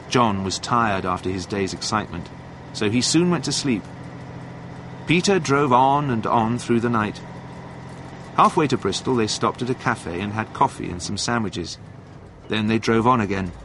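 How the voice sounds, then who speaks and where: A man reading a storybook aloud in clear, scripted narration. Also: on the low side, a bit bright, slight background noise. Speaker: audiobook narrator.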